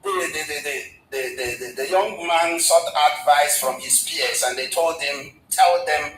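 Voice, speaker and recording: A man's voice: on the high side, unhurried, fairly bright tone, roomy sound, faint music behind, low-quality recording. A man, a guest in a casual discussion, who stumbles and repeats words as he retells history at length. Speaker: guest commentator.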